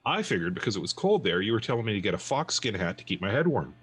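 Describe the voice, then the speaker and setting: A man's voice: on the low side, sing-song, fast talker, fairly bright tone, husky, full character voice. A man voicing an angry husband who rants indignantly in a spoken joke. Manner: indignant, ranting. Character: angry husband back from a trip.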